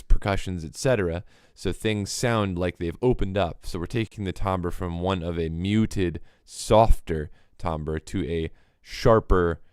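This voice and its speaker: Livestream host, male, very deep voice, dry close sound, casual teaching delivery, taps out hi-hat beats with his mouth. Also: a little mellow, clear, resonant tone, dry recording. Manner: explanatory, mimics hi-hat rhythms with clipped mouth sounds. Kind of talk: casual livestream music lesson.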